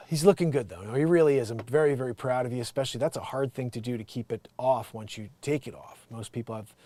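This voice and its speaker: A man hosting an improvised comedy news show, jumping between loud outbursts and muttered asides and talking straight to his viewers. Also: mid-range voice, no room sound. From United States. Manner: chatty, addresses viewers as guys, lots of you know.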